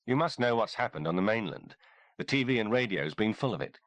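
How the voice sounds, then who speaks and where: A man's voice: fairly low pitch, animated, fairly quick, dry recording, lightly acted. A man reading a polite English army lieutenant. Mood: polite urgency. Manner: courteous, clipped, insistent. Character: polite British army lieutenant, brisk and formal.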